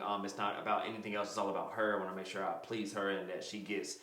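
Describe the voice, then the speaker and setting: A man's voice: lowish voice, quick pace, few pauses, sharp tone. A young man casually telling the story of his proposal, laid-back and slangy, laughing often. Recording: echoey room.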